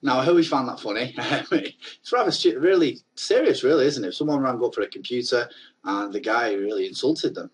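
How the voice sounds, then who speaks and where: Husky man giving marketing tips. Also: lowish voice, poor audio. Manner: chatty, earnest, rambling advice. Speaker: network marketing coach. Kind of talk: casual talking-head video.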